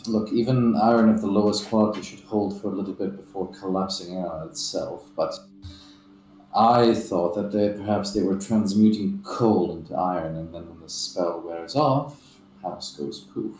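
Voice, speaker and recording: Low-voiced man speaking formally in character. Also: darkish tone, echoey room, a little hiss or hum, rough recording. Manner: formal, measured phrasing. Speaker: player. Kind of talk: in-character tabletop role-play.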